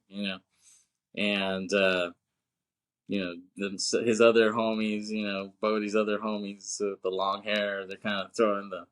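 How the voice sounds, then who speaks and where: Rambling male podcast host, laughing. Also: fairly low pitch. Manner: rambling, laughs a lot, acts out quotes in raised voices. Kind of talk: casual movie recap chat.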